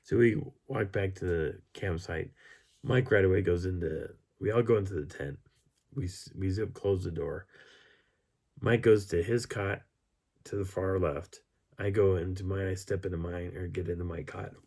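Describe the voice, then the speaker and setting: Low, gravelly hoarse man telling a story. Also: normal speed. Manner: animated, chuckling anecdote-telling. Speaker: channel host. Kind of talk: casual storytelling.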